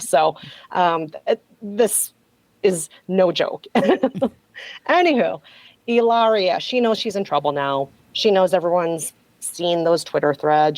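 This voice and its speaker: A woman hosting a podcast, talking through a story in a casual, gossipy way with wry humor. Her voice sits a bit low. The sound is dry, with no room echo. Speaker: podcast host.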